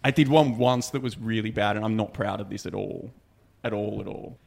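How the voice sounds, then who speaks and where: A young man with a gravelly edge to his voice, telling stories in casual podcast chat. He swears freely and gets animated as he goes. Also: lowish voice, fairly quick. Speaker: podcast co-host.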